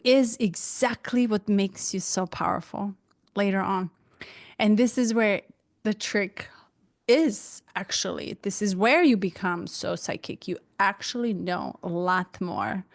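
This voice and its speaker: A woman hosting a spiritual podcast, asking questions gently and drawing out words for emphasis. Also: medium pitch, dry recording, clean studio sound. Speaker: podcast host.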